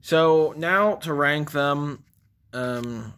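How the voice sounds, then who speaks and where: A man's voice: fairly high pitch, very slow, a bit bright, clear, resonant tone. A man giving a casual video review of toys, rambling with frequent ums. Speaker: toy reviewer.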